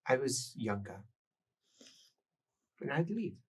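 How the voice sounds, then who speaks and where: Game master doing a weary, soft-spoken woman in her fifties. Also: mid-range voice, big pitch swings, measured pace, slightly rough, recorded from a distance. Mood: wistful. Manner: soft, quiet, wistful.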